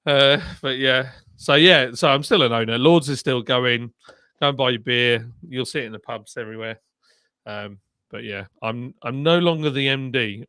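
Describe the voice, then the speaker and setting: A man's voice: mid-range voice, moderate pace, pushed and bright, clear, resonant tone, no echo, clean studio sound. A man hosting a casual livestream chat, talking bluntly and laughing often. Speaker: livestream host, former brewery boss.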